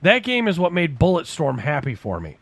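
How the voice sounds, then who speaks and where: A man's voice: on the high side, wildly swooping pitch, brisk, creaky, slightly rough, no echo. A man co-hosting a podcast, teasing his friend and giggling as they chat about games. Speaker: podcast co-host. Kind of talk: casual chat.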